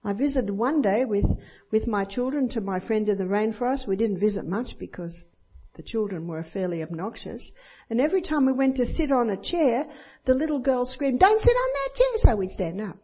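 This dull lo-fi recording captures an older woman's sermon, her voice a little high and breathy at a moderate pace. A Christian speaker, she tells personal stories and performs the voices of children and others.

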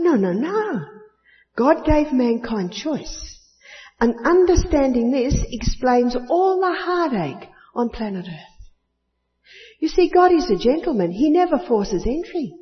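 A woman preaching at a retreat, telling homely stories, laughing often and stressing key words with sudden rises. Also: mid-range voice. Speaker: speaker at a retreat. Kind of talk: sermon. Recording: muffled recording with long hall reverb.

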